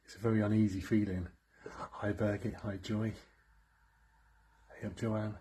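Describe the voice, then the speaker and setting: A man co-hosting a ghost hunt livestream, talking quietly and greeting viewers one after another inside an old cottage. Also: on the low side, little pitch movement, unhurried, slight background noise. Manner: hushed, rattling off greetings to viewers. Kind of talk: casual livestream chat. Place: old abandoned cottage, indoors.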